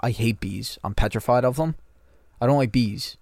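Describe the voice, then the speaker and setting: Recorded with studio quality and no room sound, this male podcast co-host speaks at medium pitch and normal speed with a darkish tone. He chats casually, wandering through a rambling story and cursing frequently.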